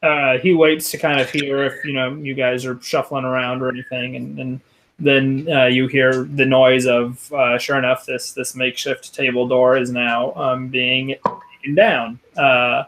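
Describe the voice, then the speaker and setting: Male game master, gravelly tone, halting narration full of restarts. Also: mid-range voice, level tone, a bit bright, low-quality recording. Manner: halting, many ums and restarts.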